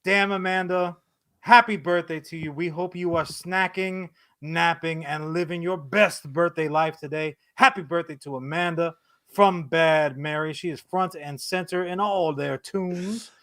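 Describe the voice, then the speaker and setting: Bright-voiced laid-back podcast co-host. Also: male voice, fairly high pitch, steady tone, unhurried. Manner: loose, swearing, playful. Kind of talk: casual podcast chat and sponsor reads.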